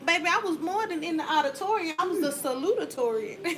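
A woman's voice: very high voice, lively intonation, quick pace, a bit bright. A woman speaking who hosts a cooking stream in a home kitchen, teasing and bossing her partner while reading out viewer comments. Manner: teasing, laughing, bossy toward partner. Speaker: channel host filming and reading comments. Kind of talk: casual livestream chat while cooking.

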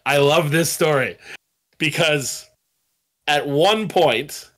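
A man's voice: fairly high pitch, takes it slowly. A man, a band guitarist, telling studio stories in a casual interview, swearing freely and acting out quotes. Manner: animated, swearing storyteller who acts out quotes.

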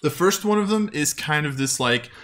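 A man's voice: a little high, lively intonation, moderate pace, fairly bright tone, slight background noise. A man narrating as game master in a loose, rambling way, with many fillers and frequent laughter.

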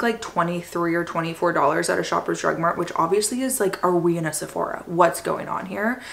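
A young Canadian woman in her twenties, chatting excitedly to her viewers as she shows off her shopping haul. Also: medium pitch, creaky. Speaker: vlogger. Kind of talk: casual haul vlog.

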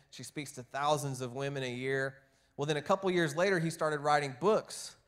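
A man preaching a sermon as pastor, telling stories and acting out the people he quotes, his loudness rising and falling. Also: on the high side. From Texas. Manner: storytelling, acts out quoted voices with big swings in loudness. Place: church.

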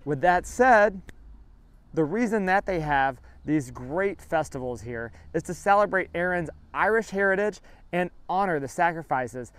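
Smooth-voiced man hosting a town tour. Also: on the high side, expressive, measured pace, a bit bright. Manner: light self-mocking, slips and restarts. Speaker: real estate vlog host. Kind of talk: scripted tour narration. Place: outdoors by a railroad station.

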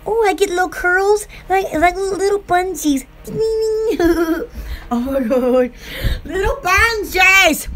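A woman from Alabama with a Southern accent, rambling excitedly in a casual vlog for her online shop. She giggles often and fills her talk with "oh" and "um". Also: very high-pitched, takes it slowly, a little hiss or hum. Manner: giggly, excitable, lots of "oh" and fillers.

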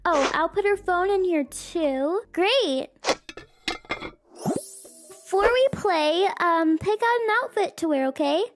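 A woman's voice: very high voice, lively intonation, slow pace, long pauses, over music, exaggerated voice. Woman doing a breezy helpful babysitter. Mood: cheerful. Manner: breezy, reassuring. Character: friendly young female babysitter, helpful.

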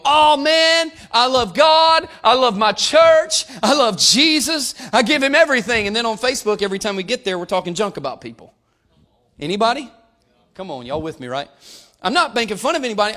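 Male pastor, high voice, emphatic sermon delivery that builds to fervor, talks straight to the congregation. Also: fairly bright tone. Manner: emphatic, rising to fervent preaching, addresses congregation.

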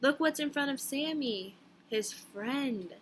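A woman's voice: high-pitched, expressive, slow, slight background noise. A woman preschool teacher reading a picture book aloud to young children, stopping to ask them questions.

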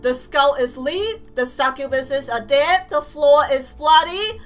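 A young woman giving let's play commentary, excitable and gleeful, shouting and playfully menacing. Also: high voice, slow, soft background music. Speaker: gaming streamer.

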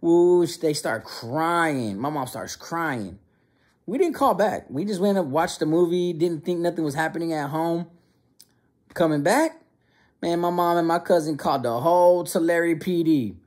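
A young man telling a funny childhood story in an animated, slangy way. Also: on the high side, normal speed. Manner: animated, slangy, many restarts. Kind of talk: casual storytelling.

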